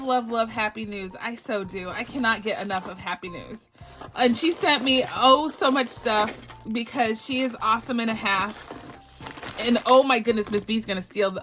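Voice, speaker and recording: A bubbly woman from Barbados opens mail on her budgeting vlog, her voice sitting a little high. She gushes thanks in a casual, chatty way. Soft music plays faintly behind her. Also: unhurried. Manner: bubbly, effusive, gushing thanks. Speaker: budgeting channel host.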